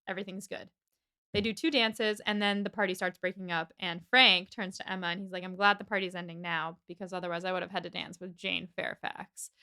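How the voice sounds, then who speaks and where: A woman's voice: fairly low pitch, smooth. A young woman co-hosting a casual book podcast, retelling a novel's chapters with lots of little character voices. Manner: animated retelling, acting out characters in quick voices. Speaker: podcast co-host. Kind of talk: casual book-club chat.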